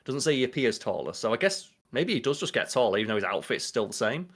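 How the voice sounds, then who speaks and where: Casting: young man, casual podcast co-host, animated and profane, mid-pitched. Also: quick pace. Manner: animated, swearing, riffing. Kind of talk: casual chat.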